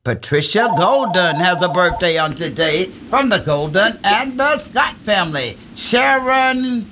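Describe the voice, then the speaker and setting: A woman's voice: lowish voice, expressive, a little slow, slight background noise. A woman hosting a call-in radio show, reading birthday wishes and chatting effusively with callers. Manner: effusive, laughing, reads birthday shout-outs. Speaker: radio host.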